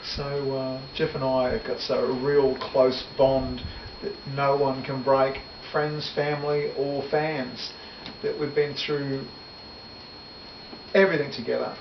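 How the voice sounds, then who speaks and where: Heard through heavy noise in a dull, distant, echoey recording, a middle-aged male musician takes his time reminiscing in a relaxed interview. His mid-range voice stays steady as he rambles, self-corrects, and breaks into easy laughter.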